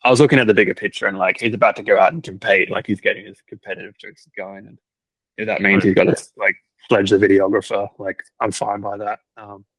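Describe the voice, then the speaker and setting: A young man talks in a casual podcast chat, spinning a story with plenty of "like" fillers and easy laughter. His voice sits fairly low, and the recording is close and dry. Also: flat delivery, fast talker, a bit bright, no echo, low-quality recording. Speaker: cricket team videographer.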